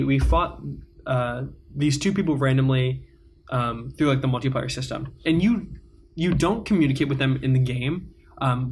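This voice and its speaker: A teenage man co-hosting a podcast tells a story in casual chat, rambling and using many fillers. His voice is medium-pitched, with slight background noise.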